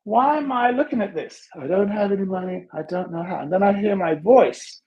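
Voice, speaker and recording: A man's voice: high voice, fairly quick, highs cut off. A man hosting a motivational podcast who tells stories animatedly and acts out the dialogue in them. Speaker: podcast host. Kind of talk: motivational storytelling talk.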